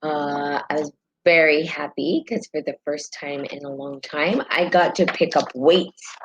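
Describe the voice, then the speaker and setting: Host, female, New Mexican accent, deep register, chatty live-stream talk that breaks off to greet viewers. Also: fairly even intonation, measured pace, a little hiss or hum, poor audio. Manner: chatty, greets viewers mid-sentence, many ums. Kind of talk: casual live-stream talk and reading aloud.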